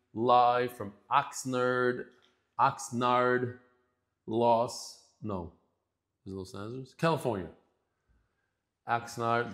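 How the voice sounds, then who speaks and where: A man teaching a daily Talmud class, talking in a casual, heartfelt and emotional way with many restarts. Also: medium pitch. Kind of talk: casual heartfelt lesson intro.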